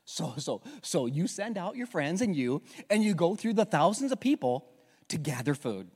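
A high-voiced man preaches to his congregation and acts out every scene, trading voices between characters. He stumbles into quick restarts as he goes, and his pitch swoops widely. His voice carries a long reverb from a big hall. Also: breathy edge. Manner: animated storytelling, acting out dialogue; frequent stammered restarts. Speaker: pastor. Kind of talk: sermon.

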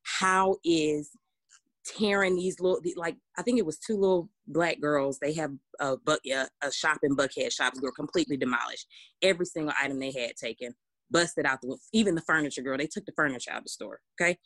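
A woman's voice: low voice, brisk, fairly bright tone, dry recording. A woman, co-hosting a casual podcast discussion, talking emphatically with many restarts. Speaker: podcast co-host.

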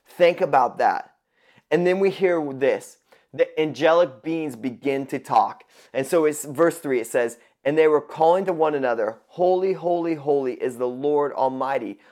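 A man's voice: a little high, normal speed, darkish tone. A man preaching a sermon to his congregation, emphatic and repeating words for stress. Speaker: pastor.

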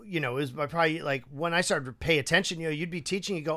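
A man hosting a podcast, chatting casually and acting out quotes with a raised, animated voice. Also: fairly high pitch, very fast. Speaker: podcast host. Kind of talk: casual conversation.

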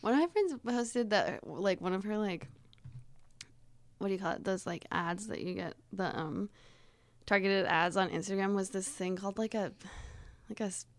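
A woman's voice: medium pitch, normal speed, long pauses, no room sound. A woman hosting a comedy podcast, chatting casually and laughing as she retells things. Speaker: podcast host. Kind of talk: casual chat.

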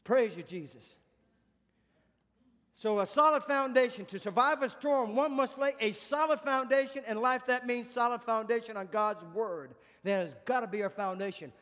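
A man delivers an emphatic sermon in a notably high voice. He repeats his questions for force and slips into quiet spoken praise. The sound carries a long hall reverb. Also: normal speed. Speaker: preacher.

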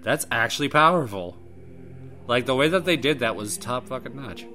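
A man's voice: mid-range voice, moderate pace, soft background music. A man chatting casually and cracking crude jokes while watching a show with friends. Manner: sweary, joking, lively. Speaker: watch-along podcast co-host. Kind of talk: casual chat reacting to a show.

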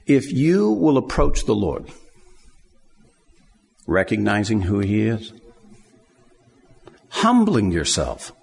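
A man's voice: on the low side, huge pitch swings, slow, creaky, long pauses, a little mellow, long reverb tail. A man preaching a sermon in a conversational way, acting out the scenes he describes.

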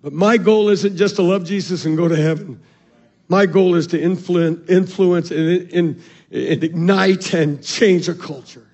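A male pastor preaching a sermon, calling out to the congregation and swinging from shouted peaks to soft, low passages. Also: steady tone, unhurried, lo-fi sound. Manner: calls out to the congregation.

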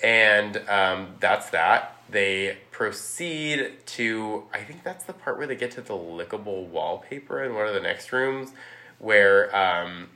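A man casually recapping a movie, rambling with lots of "like" and throwing in quick impressions of the characters. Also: on the low side, pushed and bright. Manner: rambling, heavy use of "like", acts out quotes. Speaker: podcast guest recapping a film. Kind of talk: casual chat.

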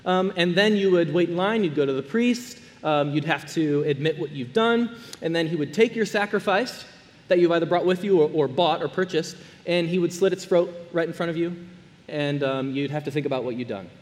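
A man preaching a sermon as a pastor, earnest, dropping to hushed tones and then rising to emphatic ones. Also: on the high side, brisk, in a large hall. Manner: earnest, swings between soft hushed lines and raised emphatic ones.

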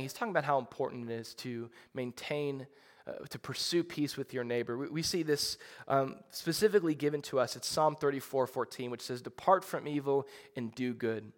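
A man preaching a sermon in a conversational, animated way, with frequent restarts and asides. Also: mid-range voice, long reverb tail. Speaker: pastor.

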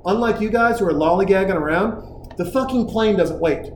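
Podcast host, male, slightly high voice, lively profane storyteller, roomy echo. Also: normal speed. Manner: profane, animated storyteller acting out quotes. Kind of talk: casual storytelling chat. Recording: roomy with faint noise.

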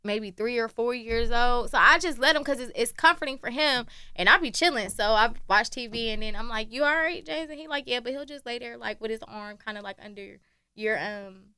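Lively, laughing woman telling stories. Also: on the high side, fairly quick, clear, resonant tone, no echo, studio quality. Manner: animated storyteller, acts out quotes, laughs often. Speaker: podcast co-host. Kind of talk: casual chat.

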